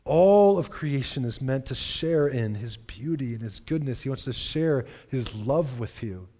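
A man's voice: medium pitch, expressive, measured pace, mellow. A man preaching a sermon in a church, earnest and repeating phrases for emphasis. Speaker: pastor. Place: church hall.

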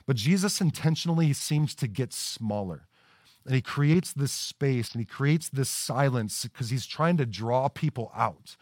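A man's voice: medium pitch, no echo, clean studio sound. A man preaching a sermon in a conversational way, often repeating words as he starts a sentence. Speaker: pastor. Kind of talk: livestreamed sermon.

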